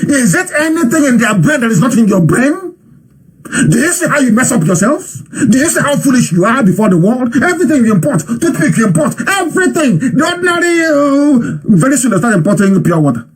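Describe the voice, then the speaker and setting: Fiery man with a husky voice. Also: extremely high pitch, sing-song, brisk. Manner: fiery, scolding rhetorical questions. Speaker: commentator. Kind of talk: impassioned live commentary.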